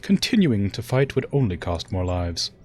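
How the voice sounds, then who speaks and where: A man's voice: on the low side, very animated, normal speed, a little mellow, husky. A man reading a weary defeated old ruler. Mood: resigned. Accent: English. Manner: grave, resigned. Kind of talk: reading game dialogue aloud.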